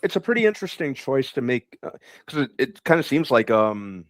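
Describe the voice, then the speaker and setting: A man co-hosting a casual podcast chat, easygoing and halting, with lots of fillers. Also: mid-range voice, big pitch swings, no echo. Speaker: podcast co-host.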